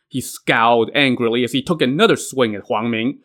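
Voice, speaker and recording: A man's voice: mid-range voice, a little fast, a bit bright. A man casually retelling an old myth in wry, colloquial narration as host. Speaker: storyteller.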